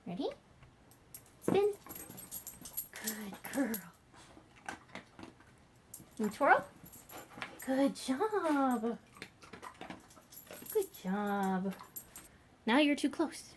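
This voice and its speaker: A woman's voice: high voice, very animated, drawn-out words, pauses often, a little hiss or hum. A young woman vlogging as she trains her dog, chatting and praising the dog in a bubbly, coaxing voice. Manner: bubbly baby-talk praise to dogs. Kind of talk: casual dog training vlog.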